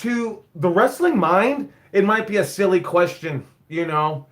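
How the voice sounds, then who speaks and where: With a high-sitting, animated voice, this man keeps a measured pace. He's a forty-something wrestling school owner and head coach, swearing freely and rambling bluntly through stories on a casual live stream.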